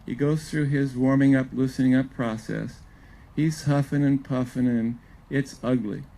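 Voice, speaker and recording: An older man with a gravelly, mellow voice spins folksy, humorous stories about his coaching days. He talks to a live audience at an event, on a wireless mic. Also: mid-range voice, fairly even intonation, normal speed, poor audio. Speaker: former pitching coach giving a talk. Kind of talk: storytelling talk at a live event. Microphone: clip-on or wireless event mic.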